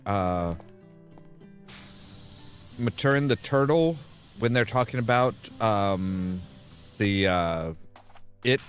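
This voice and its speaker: A man casually commenting while playing a game, rambling and restarting his sentences often. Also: mid-range voice. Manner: rambling, self-interrupting, frequent restarts. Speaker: gameplay video host.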